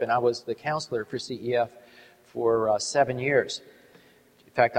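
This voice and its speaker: A middle-aged man preaching to an audience, telling a story in an earnest, measured way and slowing down to stress key words. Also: mid-range voice. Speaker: Christian ministry speaker. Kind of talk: sermon with a storytelling testimony. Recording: long hall reverb.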